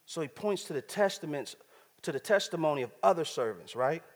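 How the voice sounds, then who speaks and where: A man's voice: on the high side, lively intonation, brisk. A middle-aged man preaching a sermon in a casual, slang-filled way, often checking in with his listeners. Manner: conversational slang-laced preaching, repeated check-ins with listeners. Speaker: pastor. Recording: hall reverb.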